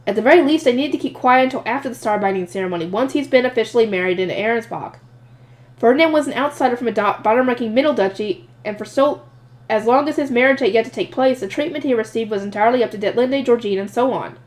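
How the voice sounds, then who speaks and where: A woman reading a light novel aloud in first person, lively and expressive, voicing the narrator's asides. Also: on the high side, quick pace. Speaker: audiobook reader.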